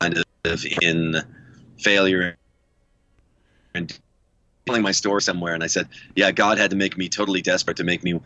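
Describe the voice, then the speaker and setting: A man's voice: low-pitched, fairly even intonation, normal speed, pauses often, pushed and bright, muffled recording. A middle-aged man from the United States, a musician guest on a podcast, telling long, rambling stories and laughing often. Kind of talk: casual podcast interview.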